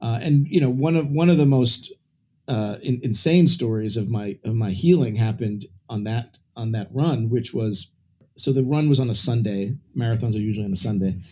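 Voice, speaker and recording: A man's voice: medium pitch, moderate pace, dark tone. Candid man telling a personal story. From Brooklyn, New York. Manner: candid, rambling, with frequent restarts and asides. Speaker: interview guest. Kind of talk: personal storytelling in a conversational interview.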